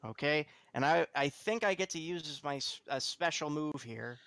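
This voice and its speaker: A man's voice: on the high side, animated, moderate pace, creaky, fairly bright tone, clear, resonant tone. A man playing a tabletop game, chatting casually and enthusiastically about his moves. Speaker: player.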